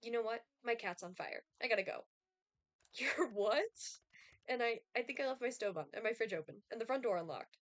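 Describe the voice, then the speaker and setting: A woman's voice: a little high, fast, hardly any pauses, dry recording. Playful streamer girl reading game lines, teasing and giggly, dry close sound. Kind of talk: casual game playthrough, reading dialogue aloud.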